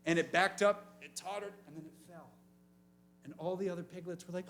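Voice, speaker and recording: A youth pastor telling a story with lots of energy and funny voices, and asking the room questions. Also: male voice, high voice, fairly even intonation, a little fast, a bit bright, a little hiss or hum. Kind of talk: youth sermon.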